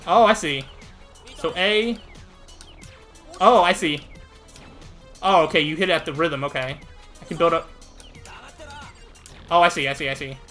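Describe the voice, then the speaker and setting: A man's voice: fairly high pitch, a little slow, long pauses, faint music behind. A man hosting a let's play, casually commenting on a game and reading its text aloud as he plays. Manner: animated, thinks out loud.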